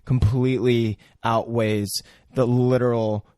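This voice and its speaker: A man's voice: medium pitch, level tone, unhurried, dark tone, no room sound, clean studio sound. A man co-hosting a podcast, chatting casually and reacting to a movie recap with profane remarks. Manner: laid-back, profane, laughs along. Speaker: podcast co-host. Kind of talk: casual chat.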